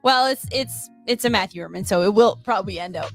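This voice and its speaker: A woman's voice: medium pitch, a little fast, a bit bright, faint music behind. A woman co-hosting a casual comics talk show, joking sarcastically and reading blurbs. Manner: playful, sarcastic, giggly. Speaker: podcast co-host at a comic shop.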